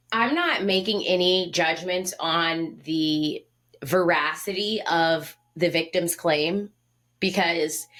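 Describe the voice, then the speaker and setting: A young woman in her twenties co-hosts a casual podcast chat, with a slightly low voice. She is blunt and outspoken and delivers her points with a dry, wry edge. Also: a bit bright. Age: 20s. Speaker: podcast co-host.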